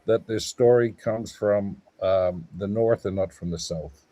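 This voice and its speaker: A man's voice: on the low side, a little slow, mellow, no echo, rough recording. A man speaking as a guest scholar in a live panel discussion, explaining at length in a digressive, lecturing way. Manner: mutters while searching for notes.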